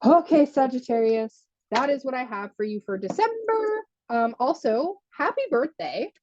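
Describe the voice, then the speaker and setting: A woman's voice: high-pitched, animated, normal speed, darkish tone, muffled recording, a little hiss or hum. A woman giving a chatty live tarot reading, laughing often and answering viewer comments as she goes. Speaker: tarot reader.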